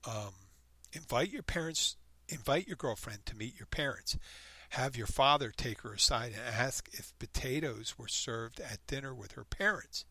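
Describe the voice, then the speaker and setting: A man hosts a solo podcast and reads a story aloud with animated, mocking quoted voices. His tone is bright and clear. The sound is close and dry, with no room echo. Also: medium pitch, moderate pace. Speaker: podcast host.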